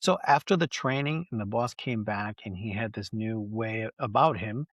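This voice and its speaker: A man hosting a podcast, asking conversational follow-up questions in a measured way. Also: fairly low pitch, no room sound. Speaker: podcast host. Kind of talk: interviewer questions.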